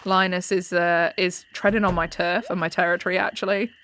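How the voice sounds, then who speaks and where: A woman's voice: fairly low pitch, level tone, brisk, fairly bright tone. A young British woman chatting casually and giggling as she plays a farming video game. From Britain. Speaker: gaming channel host. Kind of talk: casual gameplay chat.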